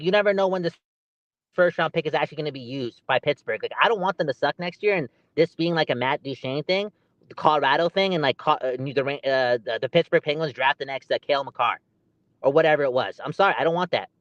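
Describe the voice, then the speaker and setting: A man co-hosting a podcast, ranting in an animated, exasperated way. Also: fairly high pitch, no room sound, highs cut off. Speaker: podcast co-host. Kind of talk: heated casual podcast chat.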